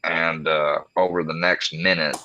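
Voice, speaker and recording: A man on a casual livestream panel, telling a long story in a halting, rambling way with many restarts. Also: a bass voice, level tone, bright, forceful tone. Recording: dull lo-fi recording.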